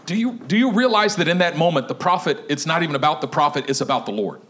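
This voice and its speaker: A man pastor preaching a humorous sermon, laughing often and telling the story with lively acted-out voices. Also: a little high, quick pace, a little hiss or hum.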